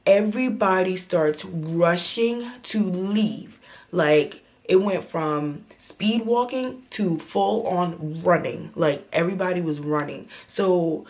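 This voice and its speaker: A young woman vlogger telling a storytime tale in a dramatic, profane, animated way. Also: fairly low pitch, slow pace. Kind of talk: storytime vlog.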